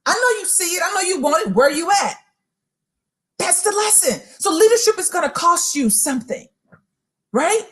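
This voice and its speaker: A woman with a high, bright-pitched voice delivers a preaching-style motivational talk. Her pitch swoops and leaps with great animation, and she hammers her points home by repeating phrases and calling out to listeners directly. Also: sing-song, moderate pace. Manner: emphatic, repeats phrases for emphasis; addresses listeners directly and rhetorically. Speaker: motivational speaker.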